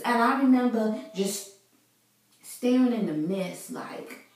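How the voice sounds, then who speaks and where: A woman's voice: on the high side, animated, slow, darkish tone, far from the mic. A woman vlogger giving an earnest, preachy faith talk to her viewers, casual and full of fillers. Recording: very echoey room, voice away from mic.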